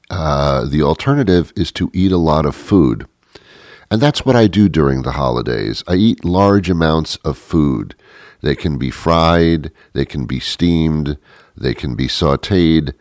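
A middle-aged man delivering a rambling, deadpan, self-mocking comic monologue. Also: rumbling low, no room sound, studio quality.

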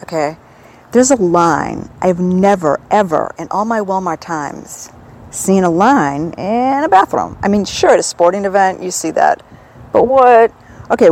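A woman from the northern United States, her voice on the low side and a little mellow, rambles digressively and with self-amusement into a handheld recorder for her personal audio diary. The audio is poor.

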